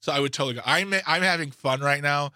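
A man's voice: fairly high pitch, fast talker, sharp tone, no echo. A man co-hosting a radio talk show, joking and sarcastic in casual banter on a studio mic. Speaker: radio co-host.

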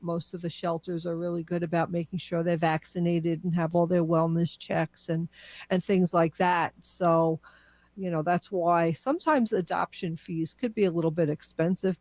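A woman's voice: fairly low pitch, a little mellow, dry recording. A woman guest on a radio show, talking about animal causes in a friendly, conversational way with easy laughs. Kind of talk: casual radio chat.

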